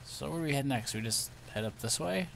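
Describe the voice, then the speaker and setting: A young man hosting a casual gameplay commentary, excitable and often startled. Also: mid-range voice, a little fast, gravelly, slight background noise. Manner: excitable, lots of startled exclamations. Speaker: let's play host.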